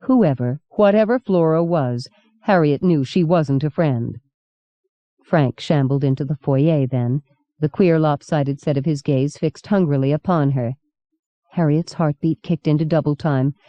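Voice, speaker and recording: A woman narrating an audiobook in a measured, steady reading. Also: low-pitched, no echo. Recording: dull lo-fi cassette recording.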